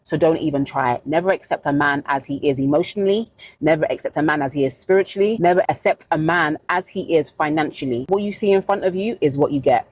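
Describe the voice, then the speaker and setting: A woman's voice: low voice, quick pace, dry recording. A woman giving blunt dating advice in a vlog monologue, stressing her points and repeating them for emphasis.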